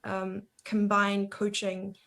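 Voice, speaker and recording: A woman from Africa, a chess coach chatting as a guest in a casual interview, upbeat and quick to laugh. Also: medium pitch, completely flat delivery, gravelly, a bit bright. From South Africa.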